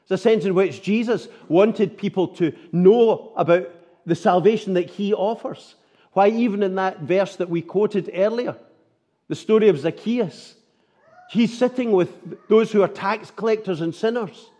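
A man's voice: high voice, warm tone. A man preaching a sermon, earnest and full of rhetorical tag questions.

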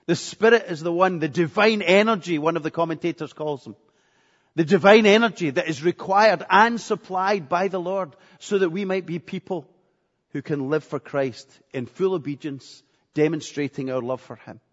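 Earnest preacher in an echoey hall. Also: male voice, on the high side, moderate pace. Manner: earnest, repeats phrases for emphasis. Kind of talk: sermon. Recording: echoey hall, dull lo-fi sound.

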